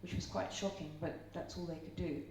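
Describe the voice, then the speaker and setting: A woman's voice: fairly low pitch, fairly even intonation, fairly quick, a little mellow. A middle-aged woman from Ireland giving a live seminar talk, chatty and storytelling, asking the audience questions. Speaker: seminar speaker. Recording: roomy echo, speaker far from mic, faint hum.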